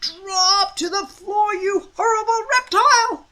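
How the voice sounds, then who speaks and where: A woman voicing a bossy Viking chief and father who barks loud, blustering commands in a storybook read-aloud. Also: extremely high pitch, slow pace, pitched above the performer's own voice, full character voice. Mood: commanding.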